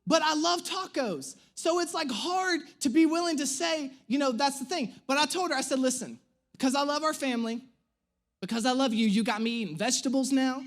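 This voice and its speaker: A man in his thirties, a pastor, telling a humorous personal story in an animated, self-mocking way during a sermon. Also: extremely high pitch, brisk. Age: 30s. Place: church stage.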